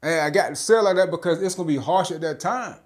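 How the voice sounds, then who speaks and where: A man's voice: fairly high pitch, quick pace. A man preaching informally, blunt and profane, often stammering on filler sounds and repeating "man" and "all right?". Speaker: street preacher.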